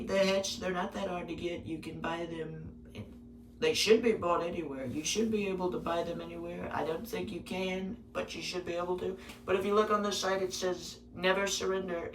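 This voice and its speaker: A man voicing a boastful, rambling older male politician who repeats himself and bursts out loudly. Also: high voice. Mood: bragging. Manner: repetitive, bragging, sudden loud bursts. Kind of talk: parody impression. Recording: roomy, distant mic with faint noise.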